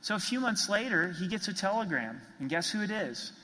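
A man's voice: high-pitched, sing-song, brisk, pushed and bright, in a large hall, poor audio. A man preaching a sermon as pastor, earnest and emphatic, driving points home with repeated phrases.

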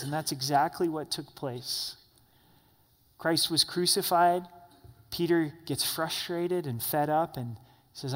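A man preaching a sermon as pastor of a church, emphatic at times and soft and quiet at others. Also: a little high, steady tone, measured pace. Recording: long hall reverb.

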